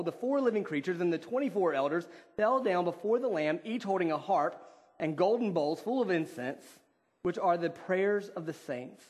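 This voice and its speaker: A man's voice: sits high, darkish tone. Earnest man preaching a sermon. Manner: earnest, conversational preaching with fillers; slow, deliberate scripture reading. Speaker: pastor.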